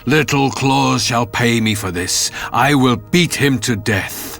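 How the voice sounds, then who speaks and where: A man voicing a brutish, greedy peasant who talks gruff and grim, with faint music behind. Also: medium pitch, slow pace, fairly bright tone. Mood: vengeful.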